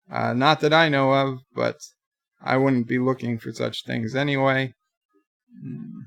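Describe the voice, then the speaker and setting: A man's voice: mid-range voice, fairly even intonation, slow, creaky, a bit bright. A man hosting a livestream in a casual chat-reading style, reading viewers' messages aloud and answering with dry jokes. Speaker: livestream host.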